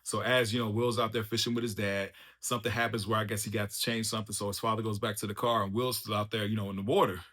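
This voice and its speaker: A man hosting a casual spoiler review of a TV show, excitable and slangy, laughing often as he recaps. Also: on the low side, fast, hardly any pauses. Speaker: TV review channel host.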